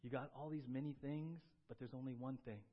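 A pastor voicing a calm, gentle teacher who corrects firmly in a soft, low, measured voice. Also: male voice, natural voice. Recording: dull lo-fi sound.

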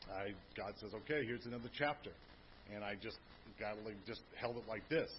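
A low-voiced man in his fifties shares an earnest, emotional testimony with his congregation, his voice booming. The church recording is dull and lo-fi, with a faint hum behind it. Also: a little fast. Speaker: family pastor. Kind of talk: personal testimony. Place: church sanctuary.

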